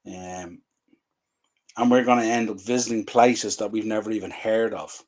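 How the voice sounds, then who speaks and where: A man hosting a fan podcast rants in exasperation, asking the same rhetorical questions again and again. His voice is lowish and a little mellow.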